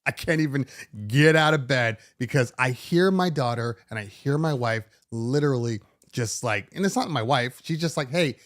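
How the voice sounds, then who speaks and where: Animated, sarcastic middle-aged man talking. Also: mid-range voice, moderate pace. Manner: animated, sarcastic, many restarts. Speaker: DJ podcast host. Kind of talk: casual monologue.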